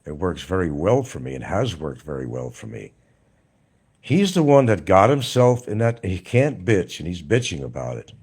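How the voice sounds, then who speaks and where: A man's voice: low voice, sing-song, moderate pace, darkish tone, breathy edge. A man hosting a live stream, talking casually in a blunt, mocking way to his viewers. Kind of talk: casual livestream monologue.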